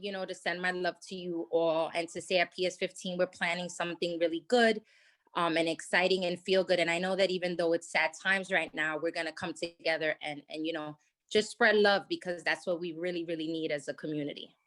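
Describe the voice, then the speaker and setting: A woman giving gentle, earnest remarks to a community forum, speaking as school staff. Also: on the low side, fairly even intonation, a little fast. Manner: gentle, earnest, uses "you know" and "like".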